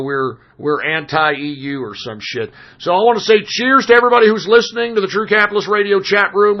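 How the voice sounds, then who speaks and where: A man hosting a call-in radio show, ranting in an exasperated, profane way, his voice hoarse from screaming. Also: fairly high pitch. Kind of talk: profane talk radio rant. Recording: dull lo-fi stream audio.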